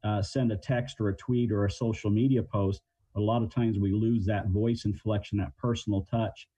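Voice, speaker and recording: A man's voice: fairly low pitch, steady tone, normal speed, mellow, breathy edge, dry recording, lo-fi sound. A middle-aged man, a crisis negotiation trainer, answering interview questions in a plain-spoken way and explaining with everyday examples.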